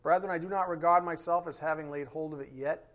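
A man teaching a Bible lesson in a relaxed, conversational way, often checking in with his listeners with "right?". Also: fairly high pitch, fast, highs cut off.

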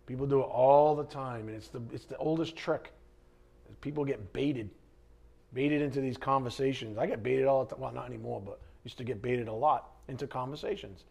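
A man's voice: mid-range voice, a little fast, creaky, darkish tone. A man teaching the Bible in a conversational way, blunt and fond of rhetorical questions.

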